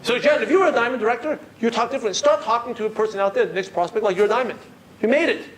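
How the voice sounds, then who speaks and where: A man with a non-native English accent, coaching a live audience in a lively way and asking the room questions. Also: very high voice, very fast, low-quality recording. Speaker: network marketing trainer. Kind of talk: seminar talk to a live audience.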